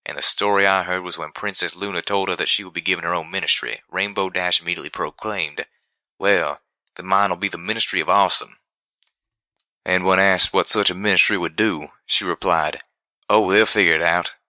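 A man's voice: deep voice, steady tone, fairly quick, sharp tone, no room sound. A man doing a folksy young pegasus stallion. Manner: folksy country talk, drawn out. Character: young male pegasus pony, folksy and boastful.

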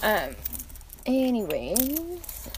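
Rambling young woman over loud car noise. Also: on the high side, huge pitch swings, very slow. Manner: chatty, rambling, full of fillers and tangents. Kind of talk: casual rambling vlog while driving. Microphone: phone.

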